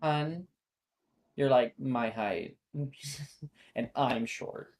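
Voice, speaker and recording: A woman's voice: very deep voice, drawn-out words, a little mellow. A woman running a tabletop role-playing game as game master, casual and teasing with her players. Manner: casual, teasing, laughs between lines.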